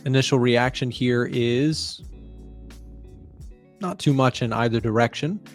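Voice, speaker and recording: A man's voice: mid-range voice, measured pace, faint music behind. A man hosting live market commentary, explaining economic data and questioning a guest. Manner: conversational, explains and asks questions. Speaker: trading show host.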